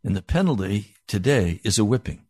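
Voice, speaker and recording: A man voicing a stern mother who lectures her son in a measured, firm tone. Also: on the low side, animated, mellow, dry recording, clean studio sound.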